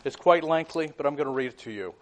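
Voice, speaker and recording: A man's voice: on the high side, expressive, fast talker. A man preaching a sermon in an earnest, fervent way, often repeating his words.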